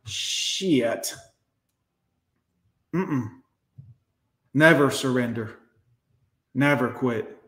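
A man's voice: mid-range voice, very slow, pauses often, a bit bright, echoey room. A man hosting a livestream who rants bluntly and swears often as he speaks straight to his viewers. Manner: blunt, profane, emphatic ranting; addresses viewers directly. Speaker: livestream host. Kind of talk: ranting livestream commentary.

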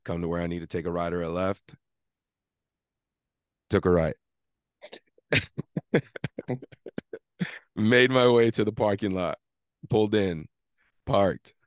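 A man with a low-pitched voice tells a rambling, animated story in casual podcast chat. He swears freely and acts out arguing with himself. The sound is dry and close. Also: normal speed, long pauses, smooth, no room sound. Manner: animated storytelling, swears often, acts out his inner argument. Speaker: podcast co-host.

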